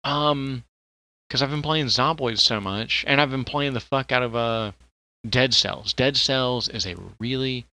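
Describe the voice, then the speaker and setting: Laughing a lot and cursing without restraint, a man co-hosts a podcast in loose, rambling conversation. He speaks at a measured pace, his medium-pitched voice bright and forceful. The sound is dry.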